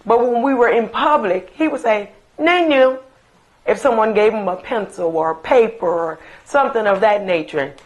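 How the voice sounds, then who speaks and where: A middle-aged woman, a mother remembering her late son, telling stories in an interview with slow, emphatic reminiscing and fond asides. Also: medium pitch, poor audio. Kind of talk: recorded interview, personal storytelling.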